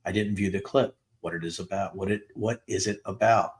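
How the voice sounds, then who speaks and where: A middle-aged man hosting a podcast, reading a long string of text messages aloud, announcing each date flatly before lifting his voice for the quoted lines. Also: deep voice, a little fast. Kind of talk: dramatic reading of texts with asides.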